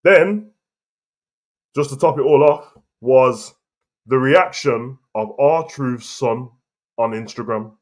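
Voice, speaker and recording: A man's voice: medium pitch, slow pace, pauses often, darkish tone. A man, hosting a casual wrestling opinion show and arguing his point heatedly and repetitively. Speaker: wrestling commentary host. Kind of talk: casual opinion rant to camera.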